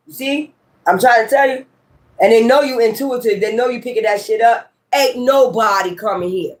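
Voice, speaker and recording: A high-voiced woman talks to her viewers as a tarot reader in a loose, heated monologue. She presses her points hard, swears freely and circles back to the same phrases again and again. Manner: emphatic, profane and repetitive. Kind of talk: casual ranting monologue.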